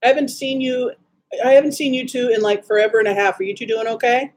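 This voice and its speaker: Woman from Wisconsin, chatty livestream host, breathy husky tone, snarky asides. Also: on the high side, fairly even intonation, fast, a little mellow. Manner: chatty, greets viewers by name, snarky asides. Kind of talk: casual livestream chat.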